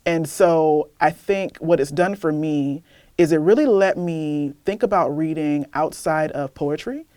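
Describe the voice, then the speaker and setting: A young woman poet, candid and animated, talking about her reading life in an interview and then reading her poem aloud. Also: deep voice, measured pace, no room sound, studio quality. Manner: candid, animated, laughs often. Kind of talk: casual interview chat, then poetry reading.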